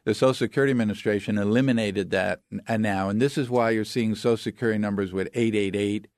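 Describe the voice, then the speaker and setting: A man's voice: on the low side, fairly even intonation, fast talker, a little mellow, no echo, studio quality. A man speaking as an expert guest, explaining things with step-by-step examples in an authoritative way. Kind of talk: explanatory interview talk.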